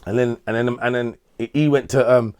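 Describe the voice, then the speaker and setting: A man's voice: medium pitch, steady tone, fairly quick, darkish tone, smooth, no echo. A middle-aged man telling a long, rambling story in casual chat, full of street slang and repeated words. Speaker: interviewee.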